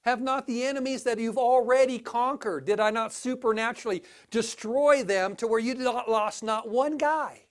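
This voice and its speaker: At a moderate pace with hardly any pauses, a pastor preaches an animated church sermon. He jumps to sudden exclamations, drops to low asides, and often restarts.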